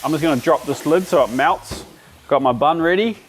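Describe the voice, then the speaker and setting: A man's voice: on the high side, brisk, slight background noise. An Australian man hosting a casual cooking demonstration, chatty and enthusiastic as he talks while he cooks. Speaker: cooking show host.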